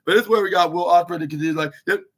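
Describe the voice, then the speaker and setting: A man hosting a podcast, recapping a wrestling show in rambling casual chat, filling every pause with "like" and retelling what was said. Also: high voice, a bit bright, husky. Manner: rambling, heavy use of filler "like", retells dialogue. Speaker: podcast host.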